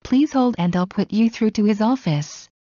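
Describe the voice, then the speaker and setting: Woman slowly reading English phrases. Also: mid-range voice, lively intonation, warm tone, no room sound. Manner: slow, evenly spaced phrase-by-phrase reading. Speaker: English teacher. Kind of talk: reading practice phrases aloud. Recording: dull, dry lo-fi audio.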